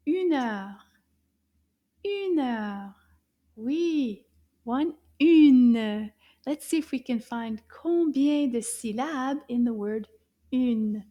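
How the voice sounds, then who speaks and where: A woman's voice: on the high side, animated, drawn-out words, warm tone. A woman teaching a children's lesson in a cheerful, sing-song teacher voice.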